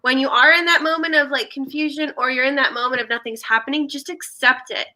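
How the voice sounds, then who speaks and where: Woman co-host on a call, encouraging and affirming, high bright voice. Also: steady tone, fast. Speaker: podcast co-host. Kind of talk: casual chat on a call. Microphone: video call.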